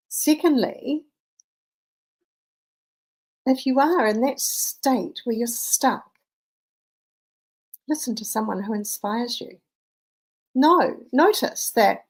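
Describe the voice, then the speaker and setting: A woman's voice: on the high side, animated, takes it slowly, pauses often, darkish tone, poor audio. A woman in her fifties, a mindset coach, telling a personal story in an earnest, conversational motivational talk.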